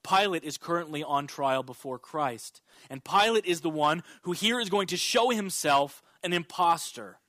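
High-voiced preaching male pastor. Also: moderate pace, few pauses, bright, forceful tone, no echo. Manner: preaching with emphatic rises and drops. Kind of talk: sermon.

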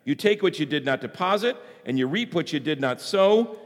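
A fearful servant makes excuses to his master, as a man reads him aloud. The delivery is plain and unhurried, in a high voice. A long reverb rings behind it, as in a hall. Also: expressive, lightly acted. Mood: defensive.

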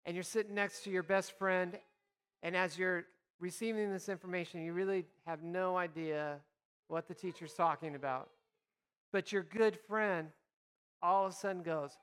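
A man's voice: sits high, fairly even intonation, moderate pace, a bit bright, clear, resonant tone. A man preaching a sermon as a pastor, reading scripture and acting out imagined conversations in a conversational way. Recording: reverberant hall.

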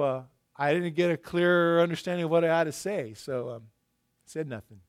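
A middle-aged man preaching a sermon, telling stories and swinging between loud emphasis and hushed asides. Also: on the high side, moderate pace. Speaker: pastor.

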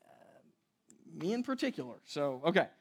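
A man's voice: fairly high pitch, a little slow. A man preaching a sermon as pastor, casual and conversational, often asking "right?" and acting out the people he quotes. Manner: animated storytelling, acting out quoted voices.

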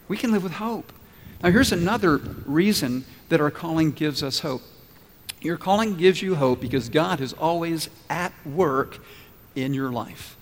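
A man preaching a sermon as pastor, asking the congregation questions and telling a story. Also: fairly high pitch. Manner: asks the congregation questions and lets them answer. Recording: long reverb from a large room.

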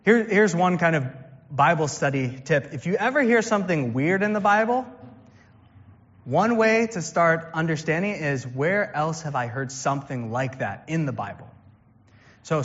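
A man's voice: on the high side, a bit bright. A man, preaching a conversational sermon and quoting scripture. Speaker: pastor. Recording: dull sound with long hall reverb.

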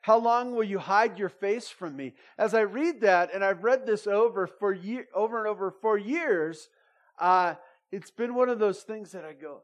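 A man preaching a sermon, swinging between loud emphatic lines and soft intimate asides. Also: sits high, expressive, normal speed. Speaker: pastor.

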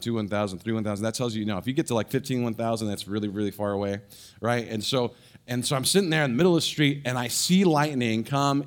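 Animated middle-aged man preaching a sermon. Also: mid-range voice. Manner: animated storyteller with frequent restarts and fillers. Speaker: pastor. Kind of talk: sermon with personal storytelling.

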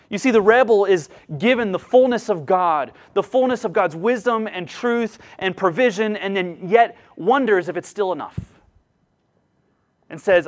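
A middle-aged man preaching a sermon as pastor, earnest, acting out quoted voices and swinging from loud emphasis to hushed asides. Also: high-pitched, expressive, unhurried.

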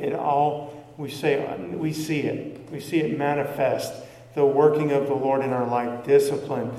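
A man's voice: on the high side, dark tone, recorded from a distance. Man preaching in an echoey hall. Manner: conversational preaching with rhetorical questions. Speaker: pastor. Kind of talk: sermon.

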